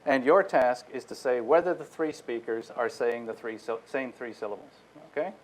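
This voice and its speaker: Man, lecturer, mid-pitched voice, explanatory, restarts phrases, technical talk. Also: moderate pace, slight background noise, poor audio. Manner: explanatory, addresses listeners directly, often restarts phrases. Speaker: guest lecturer.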